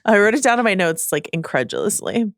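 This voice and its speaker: A woman's voice: medium pitch, big pitch swings, dry recording, studio quality. Woman cohost joking around dryly, bouncy intonation, no room sound. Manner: wry, quick asides. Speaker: podcast co-host. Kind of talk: casual pop-culture podcast chat.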